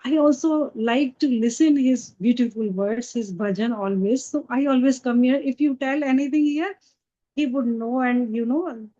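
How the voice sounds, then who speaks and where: Woman voicing calm firm Krishna. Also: sits high. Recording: dull lo-fi recording.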